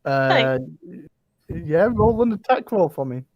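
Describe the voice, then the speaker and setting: A game master narrating a tabletop game, halting and heavy on fillers. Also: medium pitch, animated, no echo, highs cut off.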